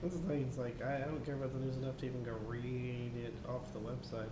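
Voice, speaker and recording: A man's voice: fairly even intonation, fast. A man co-hosting a casual news chat stream, reading articles aloud and swearing offhandedly. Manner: profane, offhand, reads in a mock posh voice. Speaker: co-host. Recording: echoey room with faint rumble.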